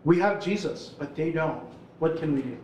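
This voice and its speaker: A man's voice: fairly high pitch, normal speed, darkish tone, a little hiss or hum. A man in his forties, an urban ministry worker, telling stories to a live audience at an event. He keeps it casual and chatty, with lots of "like" and "right?". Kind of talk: live storytelling talk. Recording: roomy hall sound.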